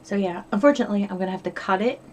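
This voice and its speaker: A woman's voice: medium pitch, rapid-fire, a little mellow, a little hiss or hum. A middle-aged woman from upstate New York chatting casually in a diary vlog, rambling and swearing freely. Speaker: vlogger.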